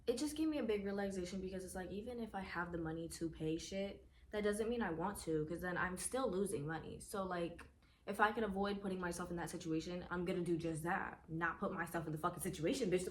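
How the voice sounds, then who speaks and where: A young adult woman vlogger, telling a storytime casually, animated and swearing freely. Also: on the low side, slight background noise.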